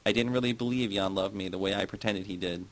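A bitter, wistful middle-aged woman, as read by a man in a low voice. She confesses, needles others with sarcasm and dares them. The read stays close to a storyteller's natural voice. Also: steady tone, fast talker, close to an everyday voice, rough recording. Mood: confessional.

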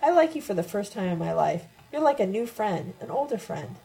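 A woman's voice: medium pitch, a little fast, gravelly, low-quality recording. A woman voicing a playful, teasing older mother in a read-aloud novel. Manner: lively, teasing.

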